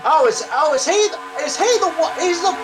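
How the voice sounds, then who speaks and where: A man commentating a race in a deadpan, boastful way. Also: extremely high pitch, fairly quick, music in the background, rough recording.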